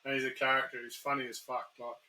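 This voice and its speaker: A man's voice: medium pitch, flat delivery, fast, bright, forceful tone, low-quality recording. An Australian man chatting as a podcast guest, laid-back and rambling, swearing casually. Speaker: guest YouTuber. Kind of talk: casual chat.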